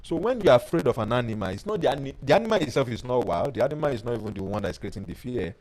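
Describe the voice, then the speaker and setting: A man leads a webinar as a life coach. His voice sits at a middle pitch but swings up and down with lively, expressive intonation. He tells personal stories with energy and stops now and then to read out viewer comments. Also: very fast, low-quality recording. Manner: animated storyteller who reads out viewer comments.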